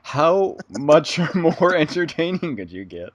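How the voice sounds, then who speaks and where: A man co-hosting a casual podcast, laid-back and joking, quick to laugh. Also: a little high, very animated, no echo. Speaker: podcast co-host. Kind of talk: casual chat.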